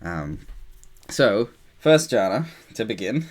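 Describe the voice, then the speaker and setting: A man with a fairly low voice guides a group through a meditation practice on a video call. His talk is loose and rambling, full of "like" and restarts. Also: sing-song, slow pace, darkish tone. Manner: loose and rambling, many fillers. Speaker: meditation teacher.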